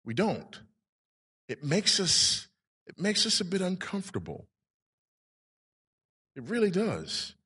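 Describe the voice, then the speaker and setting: A man's voice: high voice, wildly swooping pitch, slow, long pauses, pushed and bright, breathy edge. A male pastor preaching a sermon with emphasis, putting rhetorical questions to his congregation. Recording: long reverb in a large hall.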